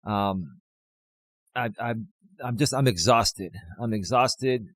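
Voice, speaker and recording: A man hosting a life coaching live stream, speaking with a slight cold and a little out of breath, repeating his main points slowly for emphasis. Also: mid-range voice, a bit bright, no room sound. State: has a cold, a bit out of breath.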